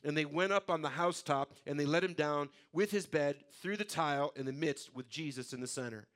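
A man's voice: a little high, brisk, a bit bright. Man preaching a conversational sermon. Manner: repetitive restarts, conversational preaching. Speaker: pastor.

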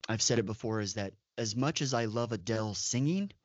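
A man's voice: on the low side, lively intonation, a little fast, dry recording. Man, podcast co-host, opinionated, dry and dull lo-fi sound. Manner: opinionated, emphatic asides. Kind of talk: casual chat.

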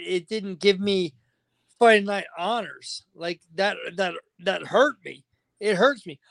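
A man's voice: sits high, vocal fry, dry recording. A man guest on a podcast interview, agitated and venting, swearing constantly. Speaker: fighter guest.

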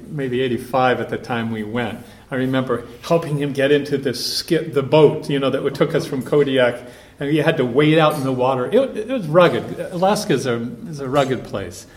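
A man, a priest, giving a relaxed conversational talk to a group at a retreat, telling stories and thinking aloud. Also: medium pitch. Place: meeting room with a group. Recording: echoey room, faint background hum.

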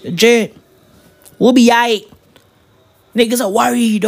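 A man's voice: sits high, expressive, a little slow. A man ranting about his football club in a casual, slangy style, swearing and tagging his lines with "right?" and "bruv". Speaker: football fan vlogger.

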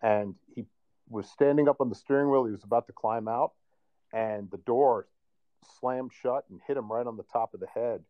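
A man's voice: mid-range voice, normal speed, narrow, tinny audio. A man on a podcast, telling a personal story in a loose, rambling way with plenty of fillers. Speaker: guest sharing a personal story. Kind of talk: casual podcast conversation.

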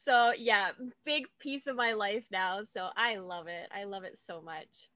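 A woman's voice: medium pitch, a little slow, sharp tone, no room sound. A woman podcast host asking questions in a playful, candid, casual way. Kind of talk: casual interview chat. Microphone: video call.

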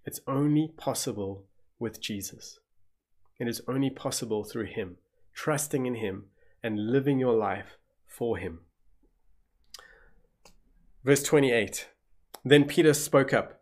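A man's voice: mid-range voice, slow, long pauses, darkish tone. A man with a South African accent preaching a sermon as pastor, telling the story vividly and acting out gasps of shock.

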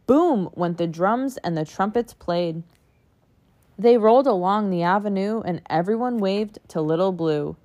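A woman reading a children's picture book aloud in an expressive sing-song way, adding little sound effects. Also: mid-range voice, a little slow, muffled recording.

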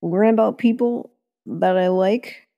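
A woman hosting a podcast in a relaxed, chaotic chat, laughing often. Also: mid-range voice, measured pace, vocal fry. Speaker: podcast host. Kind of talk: casual chat.

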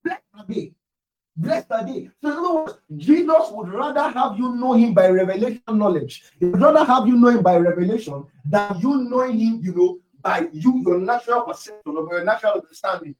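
A man preaching a sermon emphatically, repeating key phrases and at times raising his voice to a shout. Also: high voice, animated, a little fast, few pauses, over music. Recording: echoey room, distant mic.

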